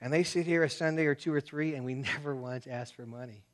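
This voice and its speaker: Casual New pastor preaching. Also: male voice, medium pitch, fast. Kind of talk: sermon.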